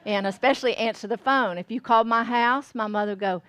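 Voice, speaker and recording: Demonstrating baking in a store classroom, a Southern woman from Georgia speaks fast with few pauses in a fairly high, slightly bright, clean voice without echo. She keeps it folksy and frequently makes sure everyone's keeping up.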